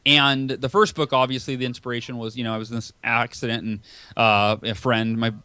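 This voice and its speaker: A man in his thirties, an author and speaker, talking as a podcast guest. He tells stories in a lively way, acts out his feelings in quoted voices and often repeats words at the start of a sentence. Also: medium pitch, a little fast, clean tone, no echo. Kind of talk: conversational storytelling.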